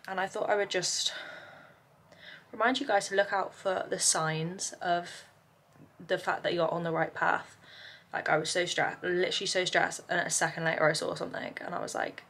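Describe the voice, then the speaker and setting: A woman's voice: on the low side, steady tone, normal speed, creaky, fairly bright tone. Tired, rambling young woman vlogging. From England. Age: young adult. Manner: rambling, talks in run-on lists with many "like" fillers. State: tired and overwhelmed. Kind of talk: casual chatty vlog. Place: home, indoors.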